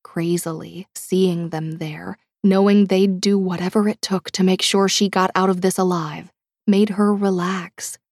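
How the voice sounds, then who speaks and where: A woman reading an audiobook in a measured, dramatic way, dropping to a hush at tense moments. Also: fairly low pitch, level tone, no room sound, clean studio sound. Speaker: audiobook narrator. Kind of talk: scripted audiobook narration.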